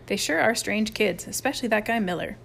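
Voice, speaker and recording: A woman reads as an amused camp boy who finds everything funny. He speaks lightly, slightly higher than her own voice. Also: lively intonation, a little fast, creaky, a bit bright, slight background noise.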